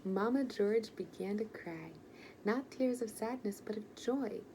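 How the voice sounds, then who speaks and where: A woman reads a children's storybook aloud in a gentle, expressive way. Her voice is mellow and darker in tone, with a slightly gravelly edge. Her pitch sits in the middle. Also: unhurried, a little hiss or hum, rough recording. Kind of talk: reading a children's picture book aloud.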